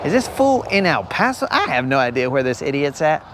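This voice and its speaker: A man's voice: on the high side, very animated, brisk, background noise. A man hosting a live fishing stream outdoors on a lake, joking with viewers in casual chat and calling them bro.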